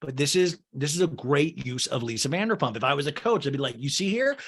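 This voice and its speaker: A man's voice: medium pitch, lively intonation, quick pace, fairly bright tone, breathy edge. A man hosting a podcast, recapping a show in a rambling, jokey way. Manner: rambling, jokey, full of fillers. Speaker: podcast host. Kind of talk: casual comedic recap.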